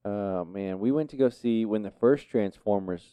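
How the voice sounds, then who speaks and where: A man's voice: on the low side, normal speed, clean tone, no echo, phone-quality sound. A middle-aged man with a Texan accent tells a funny story among friends, laughing and acting out other people's lines. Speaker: podcast co-host.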